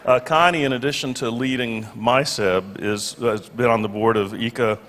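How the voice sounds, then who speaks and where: A man's voice: mid-range voice, steady tone, moderate pace, a bit bright. A man moderating a conference panel, talking with many fillers and restarts. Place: large conference hall. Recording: echoey conference hall PA.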